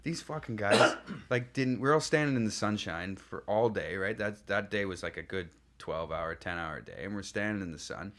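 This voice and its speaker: A young adult man from Canada, a guest actor telling stories in a casual podcast chat, animated and laughing as he acts out what people said. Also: on the low side, moderate pace, hardly any pauses.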